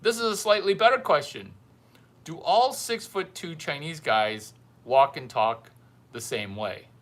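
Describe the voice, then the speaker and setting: A man's voice: fairly high pitch, expressive, unhurried. A man hosting a livestream as a mentor, talking to his viewers in a blunt, teasing way and repeating lines for effect. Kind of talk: casual livestream monologue.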